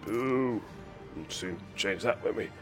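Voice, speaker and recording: A man's voice: on the low side, slow, fairly bright tone. A man chatting through a game stream, rambling and whimsical, a bit ill and hyper. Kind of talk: casual live-stream commentary. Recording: faint game music behind.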